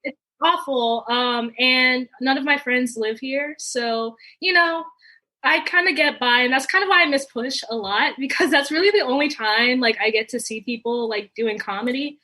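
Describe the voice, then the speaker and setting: A woman's voice: sits high, moderate pace, pushed and bright. A young adult woman, a guest comedian, telling stories in a casual rambling way, with lots of fillers and laughter. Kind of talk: casual podcast storytelling.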